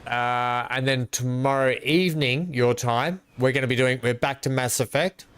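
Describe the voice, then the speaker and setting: A man's voice: mid-range voice, normal speed, a bit bright, slight background noise. An Australian man chatting casually to his live-stream viewers while playing, rambling and greeting them by name.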